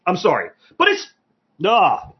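A man's voice: sits high, wildly swooping pitch, a little slow, lo-fi sound. A man hosting a casual live-stream podcast, talking bluntly with lots of swearing. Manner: blunt, profane ranting. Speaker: podcast host.

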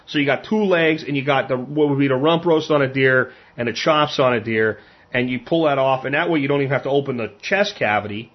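Husky rambling hunter from Pennsylvania. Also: male voice, mid-range voice, fairly quick. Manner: rambling, frank, repeats words often. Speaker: hunter and cook. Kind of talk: casual storytelling. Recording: dull lo-fi sound.

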